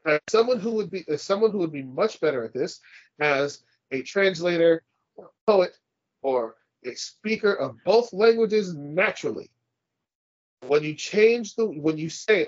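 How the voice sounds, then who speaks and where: A man's voice: a little high, lively intonation, unhurried, no room sound, dull audio. A man co-hosting a casual podcast, ranting and swearing as he argues his point. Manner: profane, ranting, argumentative. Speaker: podcast co-host.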